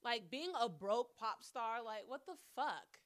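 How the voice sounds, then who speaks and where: A woman with a high, smooth, clear voice hosts a solo podcast. She takes her time, speaks unhurriedly, and talks in a blunt, profane, venting way. It sounds like a casual chat straight to camera. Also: lively intonation, unhurried, fairly bright tone. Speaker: podcast host. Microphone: camera mic.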